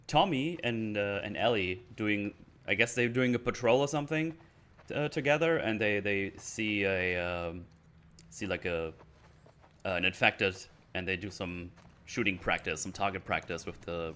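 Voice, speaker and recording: A man's voice: on the low side, a little slow, a bit bright. A man streamer in a casual commentary rant, rambling through a recap of a TV episode and slipping into the characters' lines.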